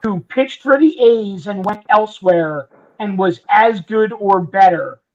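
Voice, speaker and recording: A man's voice: high-pitched, a little slow, darkish tone. A man co-hosting a casual sports podcast, making emphatic points and leaning on "I mean". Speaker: podcast co-host. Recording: dull lo-fi audio.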